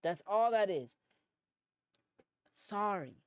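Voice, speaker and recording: A man's voice: sits high, takes it slowly, clear, resonant tone, no room sound. A man in his twenties hosting a solo podcast, talking casually in a rambling, profane way and often saying "bro". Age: 20s. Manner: rambling, profane, animated, says "bro" a lot. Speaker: podcast host.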